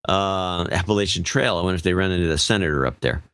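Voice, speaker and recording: Deep-voiced man reading donor names. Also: fast, fairly bright tone, smooth, no echo. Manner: offhand, stumbles over names. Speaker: podcast co-host.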